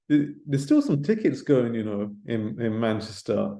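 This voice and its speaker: A man's voice: medium pitch, big pitch swings, unhurried, creaky, few pauses, warm tone. A British man giving casual boxing commentary, rambling and swearing, with no proper mic. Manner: rambling, swearing, lots of filler tags. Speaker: boxing pundit. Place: room without a proper mic. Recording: roomy echo, no mic.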